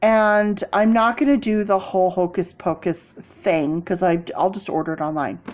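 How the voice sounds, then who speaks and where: A woman vlogging in a casual, animated storytelling way, acting out people in quoted voices and laughing often. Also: lowish voice, moderate pace.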